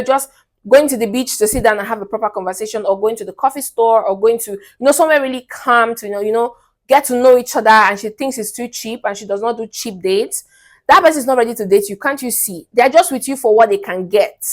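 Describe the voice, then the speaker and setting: A woman's voice: a little high, fast talker. A young woman hosting a relationship advice vlog, speaking bluntly and emphatically and often checking in with listeners.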